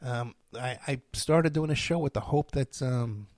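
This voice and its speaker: A middle-aged man, hosting a podcast and telling stories in a rambling, animated monologue. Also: mid-range voice, unhurried, no room sound, clean studio sound. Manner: rambling, animated storytelling with laughs and asides. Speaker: podcast host.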